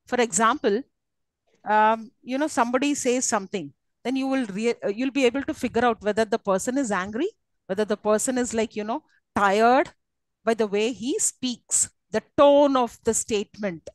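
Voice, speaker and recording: Lady teacher, kinda high voice, lots of "you know", asks the class stuff, dry close sound. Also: moderate pace, no echo, rough recording. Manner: explanatory, asks students questions, many fillers. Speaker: university English lecturer. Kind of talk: live lecture to students.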